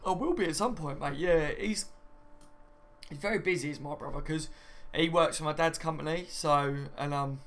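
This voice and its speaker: A man's voice: a little high, normal speed, a bit bright. A young man hosting a live stream, reading out viewer comments in a chatty, matey way. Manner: chatty and matey, often says "mate" and "do you know what I mean".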